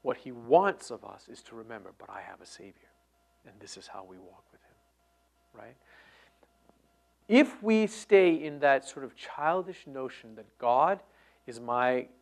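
A middle-aged man preaching a sermon, moving between loud emphatic lines and hushed near-whispers. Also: medium pitch, very animated, measured pace, gravelly, pauses often. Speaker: pastor.

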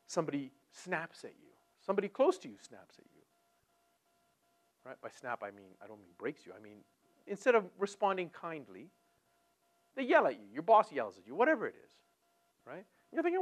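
A man preaching a sermon, talking with great animation, swinging from hushed tones to loud and repeating words as he builds a point. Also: on the high side, sing-song, moderate pace. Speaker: pastor.

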